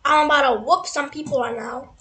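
A young gamer giving casual gameplay commentary, hoarse from screaming and talking in an excitable, dramatic, complaining way. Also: sits high, fairly quick.

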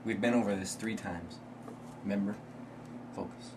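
A man's voice: lowish voice, moderate pace, far from the mic, close to an everyday voice. A man acting a hotheaded young man who plots against his roommate in a homemade comedy film, blunt and short-tempered, recorded with noisy camera audio. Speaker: amateur film actor.

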